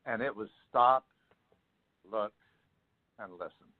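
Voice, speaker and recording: Older male guest, halting storyteller, thin phone-line sound. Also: fairly low pitch. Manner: halting, with many restarts and fillers. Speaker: author and guest. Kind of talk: personal storytelling in an interview.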